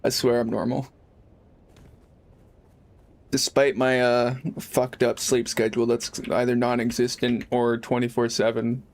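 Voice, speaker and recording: A man's voice: mid-range voice, flat delivery, unhurried, pauses often. Laid-back young man streaming a game. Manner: rambling, laid-back, swears freely. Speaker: live streamer. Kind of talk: casual gaming livestream chat.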